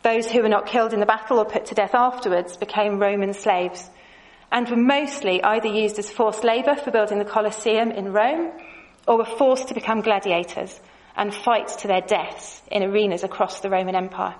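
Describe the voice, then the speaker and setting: A woman giving a measured, clearly explained Bible lesson, with a few light asides to her audience. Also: mid-range voice, low-quality recording. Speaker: Bible teacher. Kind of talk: scripted lesson with slides.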